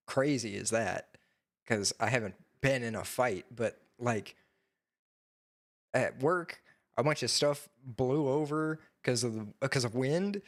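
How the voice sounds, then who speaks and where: A man's voice: medium pitch, fairly bright tone. A man speaking as a tabletop game player, hesitant and stammering through his lines. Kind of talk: tabletop role-play.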